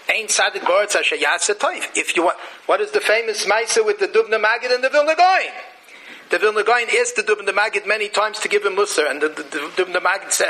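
A man giving an animated Torah lecture. He mixes Hebrew and Yiddish terms into his English and poses rhetorical questions before answering them himself. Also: high-pitched, low-quality recording.

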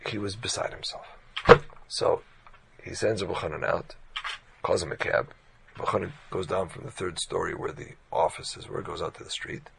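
A man preaching by telling a story in an animated, colloquial way. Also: low voice, vocal fry, a little hiss or hum, poor audio. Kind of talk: storytelling sermon.

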